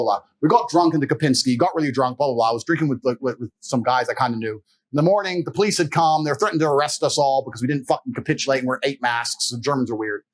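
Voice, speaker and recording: A man's voice: medium pitch, poor audio. A man being interviewed as a guest, telling stories in a blunt, emphatic way and swearing freely. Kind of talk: casual interview storytelling.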